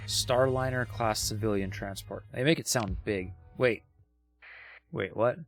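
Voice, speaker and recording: A man's voice: on the low side, steady tone, moderate pace, gravelly, fairly bright tone, soft background music. A man casually commentating his game on a livestream, chatty and thinking aloud. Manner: chatty, thinking aloud, many restarts and fillers. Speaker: streamer.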